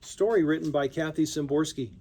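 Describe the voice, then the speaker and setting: A man narrating a magazine story in a calm, measured reading voice. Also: a little high, heavy background noise. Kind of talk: scripted narration.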